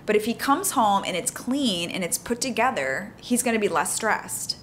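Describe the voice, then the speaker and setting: A woman co-hosting a podcast with her husband, chatting casually and animatedly, laughing often and explaining in quick bursts. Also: mid-range voice, animated, fairly bright tone, slight background noise. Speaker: podcast co-host. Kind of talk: casual married-couple chat.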